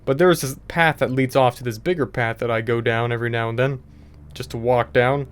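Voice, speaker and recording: A man's voice: medium pitch, fairly even intonation, a little fast, clean tone. A young man hosting a gaming channel, telling a story casually over gameplay, in a rambling way with lots of filler words.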